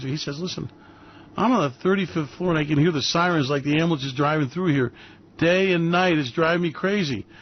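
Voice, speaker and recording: A brash New man hosts a radio show, his voice sitting a touch high. He rants in a mocking tone with loud bursts, and the audio is dull and lo-fi. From New York. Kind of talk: ranting commentary.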